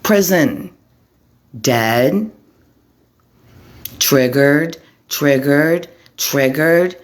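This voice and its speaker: A woman from Arizona giving an impassioned vlog monologue to camera, speaking slowly and deliberately in short, clipped lists. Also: deep voice, expressive. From Arizona, USA. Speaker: vlogger, formerly homeless advocate.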